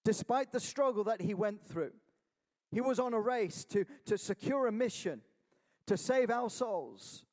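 Male preacher, high voice, earnest exhortation, long reverb of a large hall. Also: lively intonation, a little slow, a little mellow. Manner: earnest exhortation with repeated calls of "Amen?". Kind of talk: sermon.

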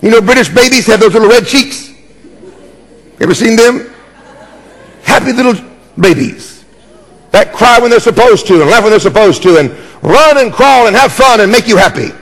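A man's voice: sits high, lively intonation, normal speed, pauses often, big-room sound. A man preaching a sermon as pastor, emphatic and jokey, repeating key words and calling for responses.

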